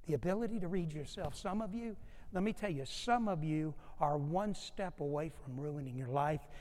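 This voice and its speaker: A man preaching a sermon to his congregation, emphatic and given to quick restarts. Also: a little high, a little mellow. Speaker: pastor. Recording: long hall reverb.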